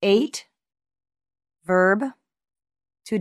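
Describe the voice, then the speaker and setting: A woman reading language lesson examples in a measured way, enunciating each word carefully and pausing between words. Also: lowish voice, no echo, clean studio sound. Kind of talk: slow, deliberate lesson reading.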